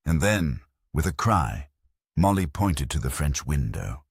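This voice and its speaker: An audiobook narrator reads a mystery novel in an extremely deep, husky voice. His storytelling is measured yet full of lively rises and falls, and the dry sound feels close.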